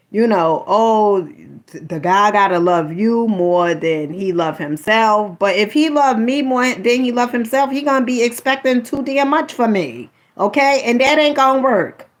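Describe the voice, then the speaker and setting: A woman reads a book aloud and keeps breaking off to talk with her listeners. Her manner is sassy and chatty, and she keeps calling them honey. Her voice sits in a middle pitch. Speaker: host reading a book aloud. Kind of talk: casual commentary while reading aloud.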